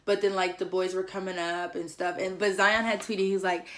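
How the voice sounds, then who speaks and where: With a lowish voice at normal speed, a young woman vlogger shares a casual story, chatty and full of slang and "like." Animated throughout, she acts out the lines of others.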